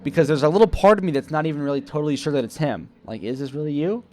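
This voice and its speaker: Talking rapid-fire with lively intonation, a young man tells a rambling, self-critical story from his job, performing the quoted lines. His voice is a little high with a darkish tone, and there's a little hiss or hum. He's a vlogger delivering a casual monologue.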